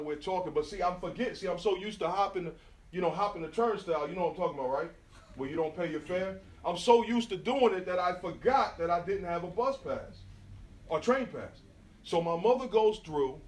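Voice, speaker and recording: A New York graffiti artist with a high-pitched voice tells stories in a lively, slangy way and speaks directly to the crowd at an indoor event venue. Someone in the audience recorded the talk on a smartphone from far away, so the sound is roomy.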